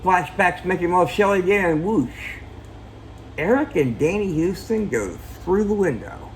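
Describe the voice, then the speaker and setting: A man's voice: high-pitched, animated, moderate pace, a little hiss or hum, low-quality recording. A man giving a casual, jokey, profane film recap, acting out characters and sound effects. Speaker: film reviewer.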